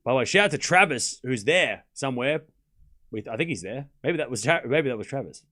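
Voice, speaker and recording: A man's voice: medium pitch, lively intonation, brisk, bright, forceful tone. A young man hosting a live tennis watchalong stream, mixing play-by-play with chatty joking asides. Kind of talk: live streamed match commentary.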